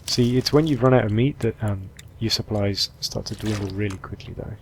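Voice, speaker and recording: A man giving relaxed let's-play commentary, thinking aloud as he sorts through supplies and plans his next move. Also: fairly low pitch, fairly quick, a little hiss or hum. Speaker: gameplay commentator.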